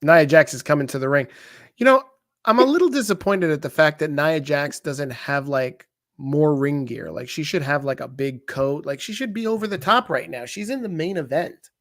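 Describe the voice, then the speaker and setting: A man co-hosting a live wrestling watch-along chats and jokes casually, reacting loudly, with a voice on the high side, lively intonation, and a moderate pace. The sound is dry and studio quality.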